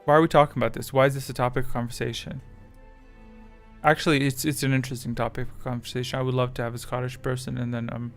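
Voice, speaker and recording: A man's voice: medium pitch, fairly even intonation, fairly quick, vocal fry, fairly bright tone, faint music behind. A man chatting casually with his live chat as a streamer, rambling and self-deprecating, with English that is not his first language.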